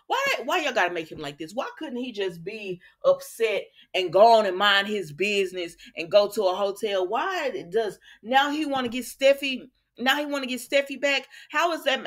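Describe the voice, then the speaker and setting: A woman recapping a soap opera episode for her viewers in a casual, animated and exasperated way, talking straight to them. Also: a little high.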